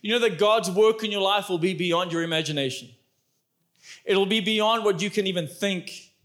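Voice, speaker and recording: A man preaching a sermon as pastor, animated and emphatic, chatting with the congregation. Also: high-pitched, normal speed.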